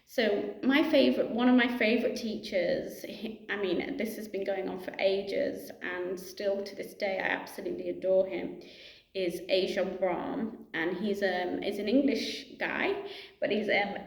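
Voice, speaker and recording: A woman's voice: mid-range voice, fairly even intonation, a little slow, vocal fry. A middle-aged woman, a yoga teacher, talking casually and reflectively to camera in a chatty way, laughing easily and filling her speech with asides and fillers. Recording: echoey room.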